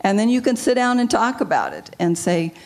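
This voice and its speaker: A woman guest, a marriage counselor, giving advice in a measured way and explaining with example phrases. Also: mid-range voice, wildly swooping pitch, a little mellow.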